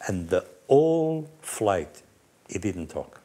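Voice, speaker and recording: Middle-aged guy spinning a story, lowish voice, does little voices for the people he quotes, laughs a lot. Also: slow. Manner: lively anecdote-telling, acting out quotes, laughing often. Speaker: team manager. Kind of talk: casual storytelling on a panel.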